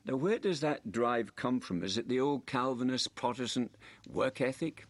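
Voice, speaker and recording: A man's voice: medium pitch, normal speed, no room sound. An older man hosting a radio interview, asking long, probing, multi-part questions. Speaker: radio host.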